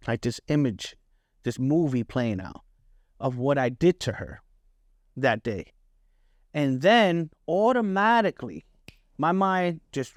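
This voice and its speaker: A man's voice: medium pitch, no echo, studio quality. A middle-aged man hosting a podcast, telling personal stories in a casual, candid way, often checking in with "right?" and swearing freely. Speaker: podcast host. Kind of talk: personal storytelling monologue.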